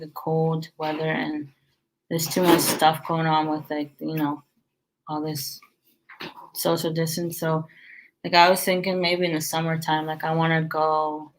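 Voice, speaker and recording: A woman's voice: low voice, poor audio. A tired woman chatting casually about running her restaurant, rambling with many fillers and restarts. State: tired, yawning. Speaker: restaurant owner giving business tips. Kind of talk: casual chat.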